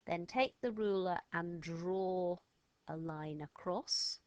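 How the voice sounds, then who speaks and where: A woman's voice: on the low side, slow pace, darkish tone. A woman teaching a step-by-step lesson to children, patient and encouraging as she gives instructions. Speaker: French teacher.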